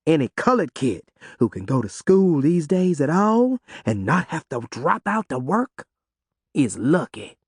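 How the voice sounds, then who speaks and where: A firm, weary mother, voiced by a male narrator scolds in a slow, low, measured southern voice. Her words come dragged out and heavy. The recording is dry and close. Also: sing-song, husky, no echo, full character voice. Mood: lecturing.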